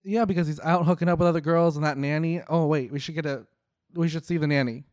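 A young man making casual, sarcastic reaction commentary, swearing and tossing off quick jokey asides. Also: fairly high pitch, steady tone, darkish tone, no echo, studio quality.

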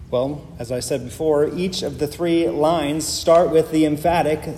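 A man preaches a sermon from the pulpit in a fairly high, mellow voice. He leans on emphatic repetition to drive his points home, and his words trail off into the long reverb of a large church hall over a faint hiss. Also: moderate pace, hardly any pauses. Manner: emphatic, builds through repeated phrases. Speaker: pastor.

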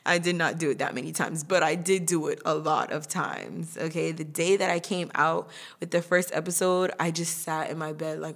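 A young adult woman hosting her own podcast, talking casually about her year, chatty and quick to laugh. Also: low voice, fairly even intonation. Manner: chatty, laughs often, acts out quoted voices. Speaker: podcast host. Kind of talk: casual personal monologue.

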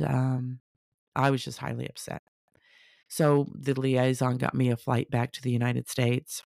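A woman telling a personal story casually, animated, acting out the people she quotes. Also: very deep voice, creaky, no room sound, studio quality. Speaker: storyteller sharing a personal testimony.

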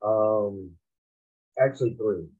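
A man's voice: on the low side, takes it slowly, warm tone, dull audio. A man from Massachusetts, a rapper guest, telling laid-back, slangy stories in a casual interview and laughing often.

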